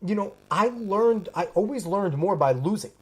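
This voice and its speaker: A man's voice: high-pitched, normal speed, slightly rough. A man hosting a podcast, chatting casually about sports and talking with emphasis. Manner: emphatic, animated storytelling. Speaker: podcast host.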